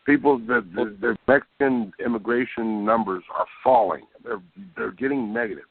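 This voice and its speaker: A man co-hosting a casual talk show, talking over others with halting restarts. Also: medium pitch, vocal fry, no room sound. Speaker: co-host. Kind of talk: casual chat. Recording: dry phone-like line.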